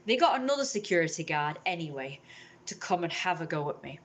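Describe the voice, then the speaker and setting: A young woman tells a long grievance to her camera, rambling and indignant, with a somewhat low voice. She jumps into higher voices to mimic the people in her story. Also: big pitch swings, a little fast. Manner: rambling, indignant, acts out others in raised voices. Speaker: vlogger.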